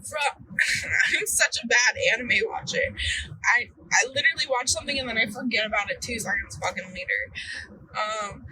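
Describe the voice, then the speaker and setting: A woman's voice: fairly high pitch, moderate pace, bright, forceful tone, poor audio. A tired young woman hosting a podcast alone while driving. She chats casually, rambles, loses her words and swears freely. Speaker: podcast host. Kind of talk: casual solo chat.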